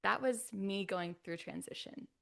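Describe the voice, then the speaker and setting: A woman from California telling a personal story as a podcast guest, with a gravelly vocal fry. She talks in a chatty, relaxed way, full of "like" and light laughs. Her voice often sinks to a soft near-whisper, while her pitch stays mid-range for a woman. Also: unhurried. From California, USA. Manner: chatty, frequent "like" fillers and laughs. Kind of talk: casual birth story.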